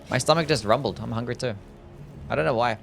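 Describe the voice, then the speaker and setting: Gravelly laid-back young male streamer. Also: mid-range voice, moderate pace. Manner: laid-back, swears often, laughs easily. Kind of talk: casual livestream chat while gaming. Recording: music playing faintly behind.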